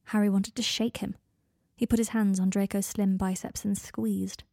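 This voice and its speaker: A woman calmly reading a romance story aloud as its narrator. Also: mid-range voice, normal speed, vocal fry, dry recording, studio quality. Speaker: fan fiction reader.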